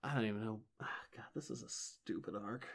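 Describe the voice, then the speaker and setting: A podcast co-host with a fairly low, fry-laden voice recaps a comic in loose, sarcastic chat. He sounds exasperated and slips into quick character voices as he goes.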